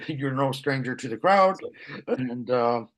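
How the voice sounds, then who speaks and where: A man's voice: medium pitch, slow pace. Easygoing male host with many fillers. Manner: relaxed, with many fillers and small laughs. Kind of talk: hosting an online comedy event. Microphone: video call.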